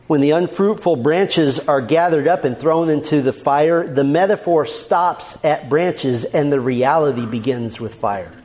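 A man with a high voice delivers a sermon from the pulpit. He preaches with steady emphasis, repeats each key point for weight and reads out scripture references one after another. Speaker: pastor.

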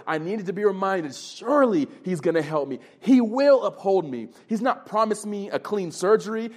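A man's voice: high-pitched, a little mellow. A man in his thirties preaching a sermon as a youth pastor, telling a personal story with earnest, rising emphasis. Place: retreat meeting room.

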